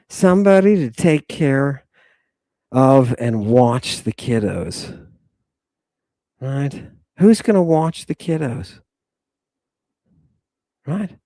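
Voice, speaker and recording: A man's voice: fairly high pitch, darkish tone, dry recording, studio quality. A man hosting a livestreamed lecture, combative and emphatic, addressing his audience directly and repeating his points. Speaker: host.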